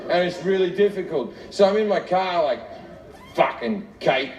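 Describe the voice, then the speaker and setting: Middle-aged male stand-up comic with a high-pitched voice, profane and self-mocking, recorded from afar. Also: a little fast, darkish tone. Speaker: stand-up comedian. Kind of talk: stand-up comedy routine. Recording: echoey, distant, noisy live recording.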